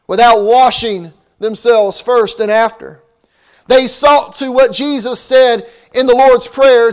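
A man's voice: extremely high pitch, smooth. A man preaching a sermon as pastor, with emphatic rising and falling delivery.

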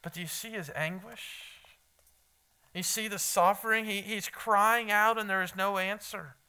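A man preaching a sermon in a high, bright and clear voice. He speaks earnestly and repeats his key points for emphasis. He talks directly to the people listening to him. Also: steady tone, unhurried. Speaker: pastor.

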